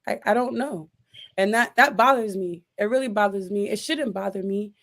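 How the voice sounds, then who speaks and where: A woman's voice: mid-range voice, moderate pace. A woman hosting a casual sports chat, talking emphatically with frequent restarts and repeated exasperated questions. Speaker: sports podcast host.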